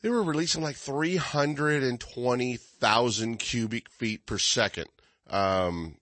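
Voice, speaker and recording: A man's voice: mid-range voice, slow pace, fairly bright tone, no echo. A man hosting a fishing radio show, chatting casually and rambling with many fillers and restarts.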